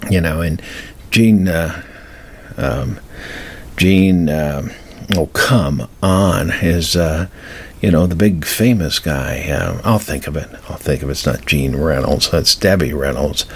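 A man's voice: extremely low pitch, takes it slowly, husky. A man in his seventies from Colorado, telling rambling anecdotes in a casual way as a radio host, with many fillers and restarts. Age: 70s. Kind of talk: casual storytelling.

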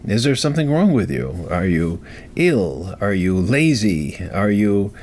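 A man's voice: lowish voice, big pitch swings, measured pace, darkish tone, a little hiss or hum. A man voicing a bossy, impatient puppy scolding her sleepy humans in a mock-indignant tone.

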